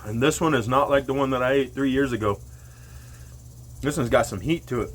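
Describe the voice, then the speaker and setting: A man vlogging casually to the camera while his mouth burns, eyes watering and nose running, talking slowly and breaking into loud whoops. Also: mid-range voice.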